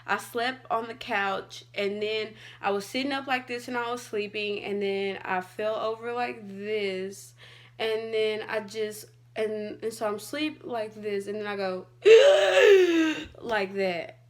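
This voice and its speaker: A woman's voice: mid-range voice, steady tone, unhurried. A young adult woman vlogging, telling a personal story in a casual, chatty way with lots of "like". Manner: chatty, fillers like "like" and "all like".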